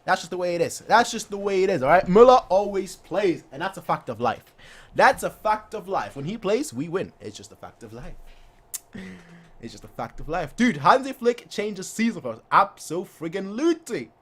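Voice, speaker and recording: A young man hosting a fan channel, chatting excitedly after a match, boastful and repeating himself for effect. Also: sits high, normal speed. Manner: animated, boastful, repeats phrases, acts out players' voices.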